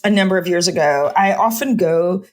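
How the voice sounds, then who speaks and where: A woman's voice: lowish voice, moderate pace, a little mellow. A middle-aged woman physician in a podcast interview, talking with passion in long run-on bursts full of "like". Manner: impassioned, speaks in run-on bursts with many "like" fillers. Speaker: physician and homelessness researcher.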